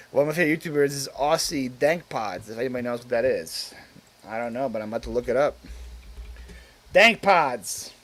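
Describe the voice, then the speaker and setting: A man's voice: mid-range voice, expressive, normal speed, pauses often, a bit bright. A man hosting a casual live stream, rambling with lots of filler words and reading viewer comments aloud before answering them.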